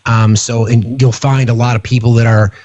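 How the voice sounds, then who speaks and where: A man's voice: medium pitch, little pitch movement, moderate pace, darkish tone, dull audio. A man hosting an online talk show, polite and apologetic, stumbling through restarts as he speaks. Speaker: host.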